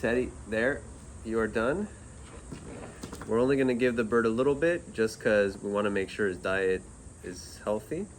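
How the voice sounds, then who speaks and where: A man's voice: on the low side, moderate pace, slight background noise. A man vlogging casually about getting pup cups for his parrot and dog, talking playfully to his pets. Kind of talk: casual vlog chat.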